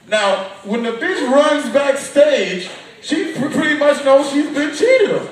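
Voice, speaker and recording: A woman's voice: sits high, big pitch swings, a little slow, few pauses, distant mic. A woman doing a brash, profane stand-up comedy set. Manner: loud, brash, swearing. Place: comedy club stage. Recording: echoey club recorded from afar, crowd laughing.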